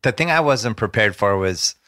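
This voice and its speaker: A man hosting a podcast, chatting casually in animated, long run-on thoughts. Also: fairly low pitch, moderate pace, no echo, clean studio sound. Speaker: podcast host. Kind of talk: casual interview chat.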